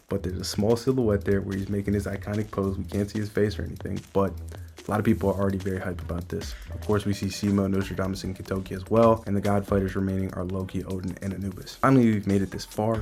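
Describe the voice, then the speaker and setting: A man's voice: low voice, level tone, fast, vocal fry, darkish tone, soft background music. A man giving an enthusiastic, speculative casual breakdown of a manga chapter.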